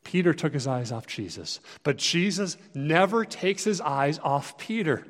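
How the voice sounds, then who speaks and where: A high-voiced male pastor preaching with earnest, conversational directness. His loudness swells and falls for emphasis, and a long reverb trails each phrase through a large hall. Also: lively intonation, unhurried. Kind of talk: sermon.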